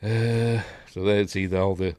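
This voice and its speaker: A middle-aged man from Yorkshire, England, chats casually through a live film review, rambling with plenty of fillers and restarts. His voice sits on the low side and is darkish and steady, with a measured pace. The recording has no room sound.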